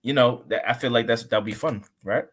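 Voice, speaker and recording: A man's voice: mid-range voice, fairly quick, a bit bright, a little hiss or hum. A young man hosting a casual sports chat, laid-back, laughing often and tossing in "man" at the end of sentences. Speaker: podcast host.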